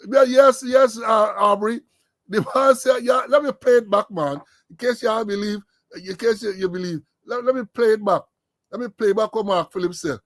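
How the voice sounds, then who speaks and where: A man's voice: high voice, moderate pace, a bit bright, dry recording. A man with a Guyanese accent hosting a political commentary stream, sarcastic and lecturing, rambling as he goes. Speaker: host.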